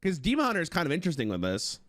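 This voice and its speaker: A fairly high-voiced man streaming a casual card review to his live chat. His pitch swings widely as he gets excited, he swears freely, and he thinks out loud about each card. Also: racing.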